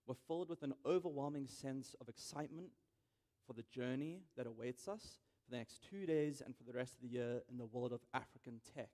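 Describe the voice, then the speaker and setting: A man's voice: medium pitch, normal speed, darkish tone. A young man giving a prepared welcome speech on a conference stage, hesitant, with frequent ums. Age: young adult. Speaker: event organizer giving welcome.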